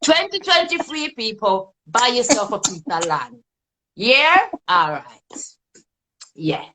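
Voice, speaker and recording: A woman co-hosting a podcast whose voice swings widely as she teases and chats, dropping casual swear words. She sits fairly high in pitch, and steady noise runs underneath. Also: slow. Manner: animated, teasing, swears casually. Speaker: podcast co-host. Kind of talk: casual chat. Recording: clear background noise.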